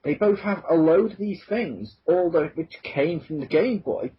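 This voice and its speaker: A husky man with a lively, swinging pitch chats and jokes as a podcast co-host. His voice sits a little high for a man, and the recording is dull and lo-fi. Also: unhurried. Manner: joking, does mock voices. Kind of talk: casual podcast chat.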